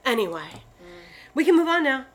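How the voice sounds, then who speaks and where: A woman hosting a casual podcast chat, swearing freely and telling animated stories. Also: high-pitched, normal speed. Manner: profane, animated storytelling. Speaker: podcast host.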